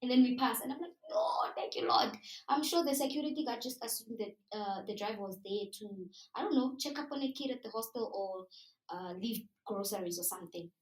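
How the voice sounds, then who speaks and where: A young South African woman with a South African accent telling a story live to an audience in an animated, chatty way, slipping into local words. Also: on the high side, a little fast. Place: live event room. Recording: roomy sound from a distant mic.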